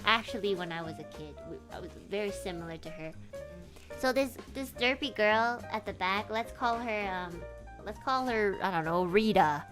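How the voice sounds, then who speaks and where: A young woman streamer telling a casual story in an animated way, giggling often and swearing casually. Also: medium pitch.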